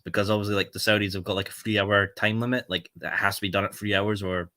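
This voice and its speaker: A man's voice: on the low side, little pitch movement, fast talker, hardly any pauses, sharp tone, no echo. A man with a Scottish accent chatting casually as a co-host, joking and teasing in mock outrage. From Scotland. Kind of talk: casual podcast chat.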